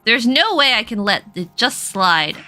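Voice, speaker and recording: Woman reading an earnest young male detective's assistant, dramatic, bright high voice, game dub. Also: very animated, unhurried, faint music behind, full character voice. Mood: stung.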